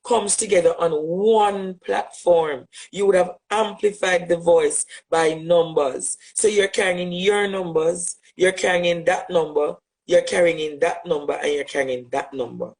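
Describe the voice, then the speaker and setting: A man with a Jamaican accent, giving an impassioned direct address as a social media commentator, forceful and rhetorical, repeating phrases for emphasis. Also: high-pitched, steady tone, measured pace, hardly any pauses, low-quality recording.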